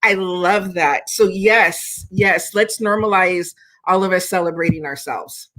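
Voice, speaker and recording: A woman's voice: fairly low pitch, measured pace, fairly bright tone. A woman hosting a casual interview, encouraging her guest and using many fillers. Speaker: host.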